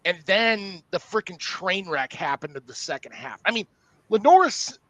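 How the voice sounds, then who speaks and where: A man co-hosting a live college football talk show, giving blunt opinions in an animated way with frequent stammering restarts. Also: high voice, moderate pace, dry recording. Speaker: co-host. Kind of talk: casual sports talk.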